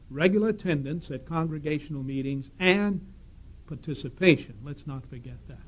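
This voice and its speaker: A man preaches to a congregation with emphatic, questioning delivery. He reads scripture aloud, and his fairly high voice sits on a dull, lo-fi 1970s tape. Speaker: congregation speaker. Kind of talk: sermon with audience questions. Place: congregation hall.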